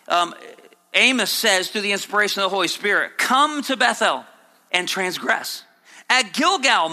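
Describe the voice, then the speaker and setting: Bright-voiced preacher in a reverberant hall. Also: male voice, creaky. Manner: preaching, swings between low earnest and high sarcastic mock quotes. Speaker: pastor. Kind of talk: sermon.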